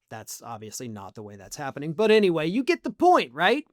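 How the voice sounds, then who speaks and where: A man's voice: high voice, big pitch swings, fairly quick, hardly any pauses, dry recording, clean studio sound. A man hosting online political commentary in a sarcastic, mocking manner. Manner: sarcastic, mocking, acts out quotes.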